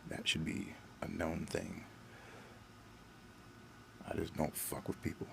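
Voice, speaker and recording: A man's voice: low-pitched, flat delivery, slow pace, gravelly, noisy background. A man hosting his own channel, delivering a profane, angry, blunt vlog rant. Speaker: channel host.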